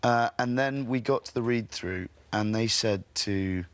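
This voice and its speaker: A man from England, a guest actor chatting in a TV studio interview, relaxed and self-deprecating. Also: fairly low pitch, a little slow, no echo. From England (London and the Midlands). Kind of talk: casual TV interview chat.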